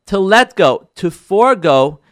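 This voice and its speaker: Animated rabbi a lively, expressive voice. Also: male voice, high voice, unhurried, no echo, studio quality. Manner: animated, repeats phrases for emphasis, acts out listeners' voices. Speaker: rabbi, show host. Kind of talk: lively Torah talk addressed to listeners.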